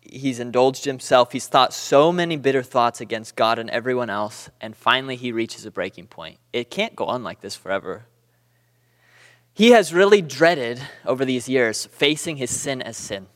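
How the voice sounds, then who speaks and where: A man from Southern California teaching a church Bible class, conversational and animated, with storytelling asides. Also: mid-range voice, normal speed, long reverb tail.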